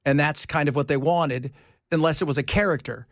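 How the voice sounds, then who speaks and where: A man's voice: fairly high pitch, a little fast, dry recording, clean studio sound. A man hosting a radio talk show, joking and teasing his co-hosts in casual on-air banter and acting out the voices of people he quotes. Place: radio studio.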